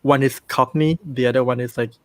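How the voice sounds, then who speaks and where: A man with a Thai accent talks in a loose, halting way, often stopping with "um" to find his words. His voice sits at a middle pitch and sounds close and dry, with little room around it. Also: steady tone, dry recording. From Thailand. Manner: hesitant, many ums and restarts. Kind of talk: casual chat.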